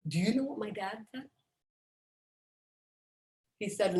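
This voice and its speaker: A middle-aged woman giving a personal motivational talk, emphatic and dramatic, with deliberate pauses, over a video call. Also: mid-range voice, mellow. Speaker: motivational speaker. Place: indoors, at home on a video call. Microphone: video call microphone. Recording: roomy echo.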